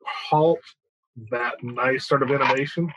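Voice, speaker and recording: A man in casual podcast chat, affable and joking, agreeing often with quick yeahs. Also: medium pitch, noisy background.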